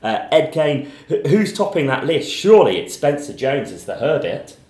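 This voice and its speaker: A man's voice: on the high side, very animated, normal speed, a little mellow, reverberant. A man hosting a radio preview show, reading out listings in a casual way.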